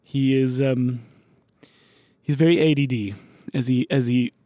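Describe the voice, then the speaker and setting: A man's voice: medium pitch, steady tone, unhurried, mellow, dry recording. Male podcast host. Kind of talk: casual podcast chat.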